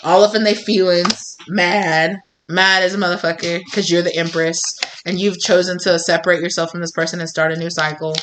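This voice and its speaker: A woman's voice: lowish voice, flat delivery, brisk, background noise. A woman giving a chatty, blunt tarot reading, swearing freely and laughing often. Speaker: tarot reader.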